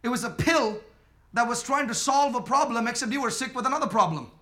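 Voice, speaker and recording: A man preaching a sermon emphatically, using call and response, swinging between quiet talk and shouting. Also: very high voice, lively intonation, fairly quick. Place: church with congregation.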